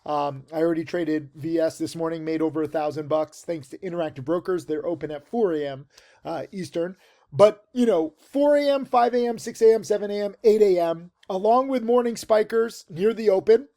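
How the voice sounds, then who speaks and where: A man's voice: high voice, moderate pace, mellow. A man in his forties teaching trading in a casual, rambling video monologue full of fillers, recorded in a tent outdoors. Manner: rambling, filler-heavy, emphatic.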